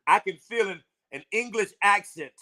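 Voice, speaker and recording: A man's voice: high voice, normal speed, sharp tone. A man co-hosting a casual sports podcast, rambling loosely with many fillers.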